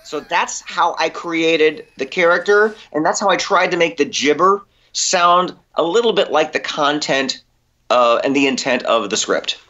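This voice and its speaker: Animated storytelling man, slightly muffled. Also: fairly high pitch, unhurried. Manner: animated storyteller, acts out quoted dialogue. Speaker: voice actor guest. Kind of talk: anecdotal podcast interview.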